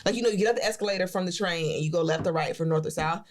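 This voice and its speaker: A woman's voice: on the low side, rapid-fire. A woman podcast co-host telling a story in casual chat. She swears freely and acts out voices in her stories.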